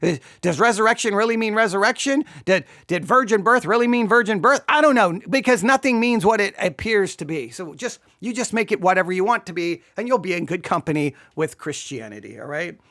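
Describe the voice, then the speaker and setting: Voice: mid-range voice, animated, fairly quick, few pauses, fairly bright tone, dry recording. A commentator reviewing a sermon in a sarcastic, incredulous way, often close to laughing. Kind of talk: mocking commentary.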